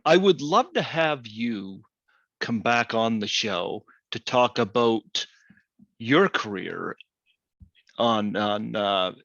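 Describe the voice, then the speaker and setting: A man's voice: fairly low pitch, lively intonation, slow pace, vocal fry, fairly bright tone, no room sound, lo-fi sound. A man hosting a podcast interview, hesitant, with many ums and uhs. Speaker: podcast host. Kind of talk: casual interview talk.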